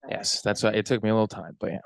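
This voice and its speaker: A young adult man co-hosting a podcast, chatting casually in a halting, rambling way. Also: lowish voice, level tone, creaky, no echo. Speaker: podcast co-host. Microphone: close podcast mic.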